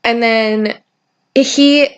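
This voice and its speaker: A woman's voice: a little high, drawn-out words, lo-fi sound. A young woman co-hosting a podcast, casually retelling a work story and acting out the dialogue. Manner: animated retelling, acts out dialogue. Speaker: podcast co-host.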